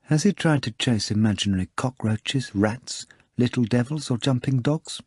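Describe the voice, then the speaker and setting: A man voicing a calm psychiatrist who asks curt, clinical questions through his teeth. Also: mid-range voice, moderate pace, breathy edge, dry recording, studio quality, natural voice.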